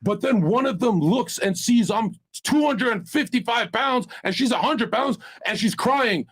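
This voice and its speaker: This man's voice sits fairly high and carries a husky, breathy grain. He talks on a podcast panel, loud, profane and bragging. He tells crude stories and drops into mock voices when he quotes other people. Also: a little slow. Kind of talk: crude boastful storytelling.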